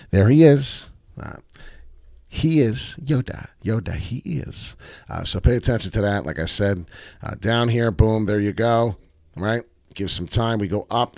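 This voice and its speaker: A fairly low-voiced man hosting a livestream, walking through trading charts in a loose, excitable way and swearing freely. The sound is dry and close, with almost no room echo. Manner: excitable, profane, reads chat aloud. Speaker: crypto livestream host. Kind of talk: casual livestream chart analysis.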